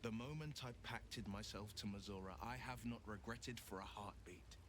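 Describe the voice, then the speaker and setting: A man's voice: lowish voice, moderate pace, background noise, natural voice. A man voicing an earnest, principled young warlock hero in video game dialogue, speaking steadily and formally.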